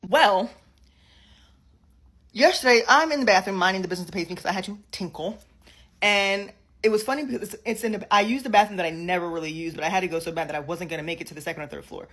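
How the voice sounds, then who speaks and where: A woman of middle pitch telling a story in a casual, chatty way. She circles back and repeats phrases to drive her points home. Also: fast talker, a bit bright. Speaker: storyteller in a clip.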